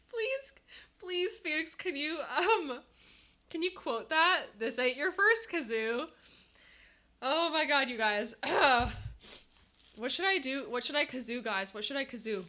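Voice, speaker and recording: A high-voiced woman chatting to her live-stream audience, bubbly and excitable, quick to laugh and quick to tear up. Her tone is bright and sharp, spoken close into a headset mic. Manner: bubbly, excitable, laughing, swings between giddy and teary. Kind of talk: casual live-stream chat.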